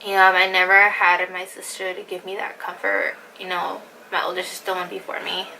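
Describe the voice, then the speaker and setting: Young woman with a gravelly voice. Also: lowish voice, monotone, normal speed, noisy background. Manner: fillers "like", acts out quotes, drops to a whisper at times. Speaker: vlogger. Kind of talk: casual storytime.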